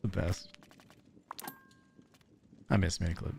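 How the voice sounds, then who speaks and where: A man's voice: sits low, flat delivery, slow pace, vocal fry, a little mellow, a little hiss or hum. A man with an Australian accent streaming a game, chatting casually with viewers in a joking, self-deprecating way and laughing often.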